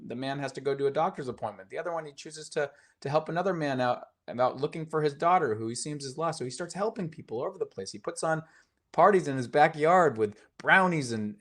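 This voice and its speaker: A man teaching mindfulness on a live stream, telling a story casually with many fillers and restarts, earnest and gently encouraging. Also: on the high side.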